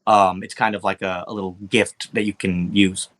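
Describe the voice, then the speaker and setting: With a deep, fairly monotone voice that's a bit bright, a man at moderate pace goes over the last session as dungeon master. His recap for the players is loose and casual, heavy on ums and swearing.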